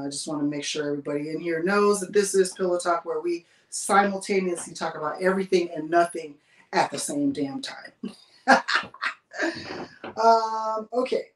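A woman hosting a casual livestream from a bedroom, chatting with viewers and laughing often as she reads their comments. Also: fairly low pitch. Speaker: livestream host. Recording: roomy sound from a distance.

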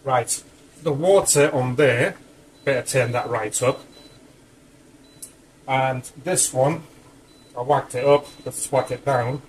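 A man's voice: mid-range voice, takes it slowly, long pauses, a little hiss or hum, rough recording. A man cooking in his home kitchen, talking casually through the steps with chatty asides, a little out of breath. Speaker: home cook.

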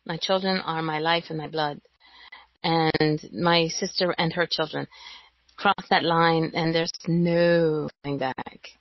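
A woman chatting casually as co-host, pausing with fillers and laughing now and then. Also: low voice, fairly even intonation, dry recording. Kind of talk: casual chat. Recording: dry, dull lo-fi sound.

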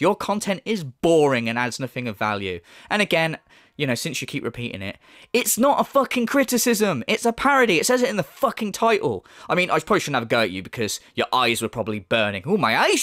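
A man's voice: fairly high pitch, a bit bright, no echo, clean studio sound. A man giving a sarcastic, profane ranting commentary as a YouTube commentator.

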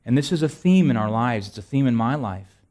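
A man's voice: mid-range voice, lively intonation, a little fast, a little mellow. A male pastor preaching a conversational sermon, asking rhetorical questions and repeating phrases, with self-deprecating asides. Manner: self-deprecating humor, frequent restarts.

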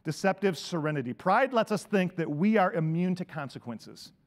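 A man preaching a sermon as pastor, animated, shouting out quoted lines and dropping into quiet asides. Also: high voice, moderate pace.

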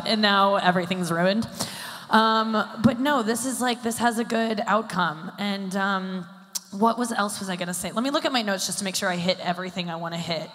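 A woman in her thirties performs stand-up on a live event stage. Her voice is bright and sharp, and she rambles in a self-deprecating way, packing her talk with "like"s. The sound rings out with the long reverb of a large hall. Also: mid-range voice, fairly quick. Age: 30s. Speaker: stand-up comedian.

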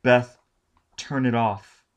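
A man's voice: mid-range voice, steady tone, takes it slowly, voice pushed up, natural voice. A man voicing an irritable, anxious male psychologist who speaks in an urgent, edgy way. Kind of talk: audiobook reading.

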